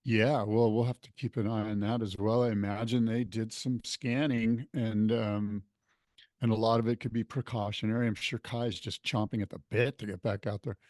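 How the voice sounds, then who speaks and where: A man's voice: on the low side, fairly even intonation, normal speed, darkish tone, dry recording, clean studio sound. A man co-hosting a podcast in casual chat, telling stories with laughs mid-sentence. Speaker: podcast co-host.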